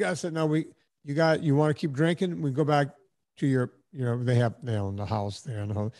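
A podcast host in his fifties tells stories in a rambling, casual chat, acting out the voices of people he quotes. His voice is mid-range, fairly quick and a little mellow.

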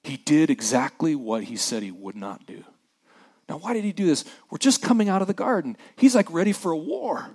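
A man delivers a sermon from the pulpit, his voice sitting a little high for a man. He reads scripture dramatically, putting on voices for the characters, then drops to a hushed tone for the somber moments. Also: brisk, slightly rough. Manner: animated preacher who acts out scripture voices, dropping soft for somber moments. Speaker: pastor.

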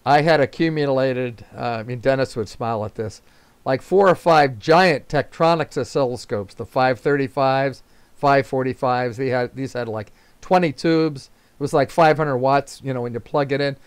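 A man's voice: mid-range voice, moderate pace, smooth, no room sound. An older man, a retired teacher, telling casual rambling anecdotes at a club meeting, chuckling and using fillers. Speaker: invited speaker.

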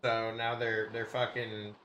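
A man's voice: fairly low pitch, monotone, measured pace, muffled recording, crowd noise. A man playing an RPG on stream with friends, talking in a laid-back, dry way with some swearing. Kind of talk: casual gaming banter.

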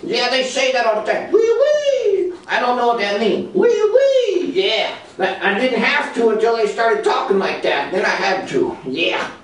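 A man voicing George, a cocky, loudmouthed redneck puppet boxer with a high-pitched, brash drawl. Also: normal speed, hardly any pauses. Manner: boastful and insulting. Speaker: ventriloquist's puppet. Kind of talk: ventriloquist comedy act. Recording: echoey hall from far off.

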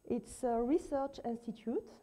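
A woman with a strong French accent gives a conference talk in English, which is not her first language. Her voice sits a little high but sounds mellow and warm. She picks her words slowly and fills the gaps with hesitant little sounds. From France. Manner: slow, careful speech with many fillers and shy laughs. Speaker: visiting research scientist. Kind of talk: conference presentation.

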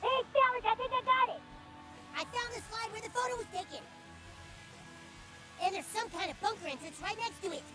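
A man's voice: very high-pitched, brisk, pauses often, over music, rough recording. A man voicing a timid, cheerful little cartoon boy who speaks sweetly and eagerly. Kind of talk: cartoon voice acting.

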